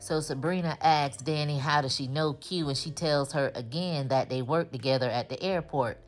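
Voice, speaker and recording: A woman giving a casual, animated recap of a TV episode, full of slang and her own commentary. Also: deep voice, moderate pace, soft background music. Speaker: TV recap host.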